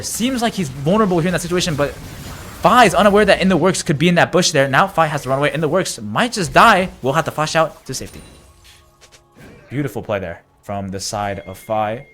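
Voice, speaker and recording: A man doing live play-by-play commentary of an esports match, getting loud and excited during big plays. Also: on the high side.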